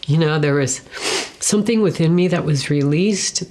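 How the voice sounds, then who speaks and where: This is a guest, a middle-aged woman with a low voice, giving an emotional, earnest personal testimony through conversational storytelling. She acts out what she and other people said, sometimes whispering and often pausing.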